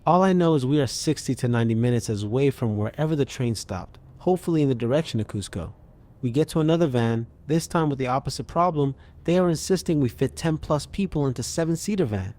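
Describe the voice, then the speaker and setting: A man narrating a scripted story with a steady, even storytelling delivery. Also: medium pitch, fast talker.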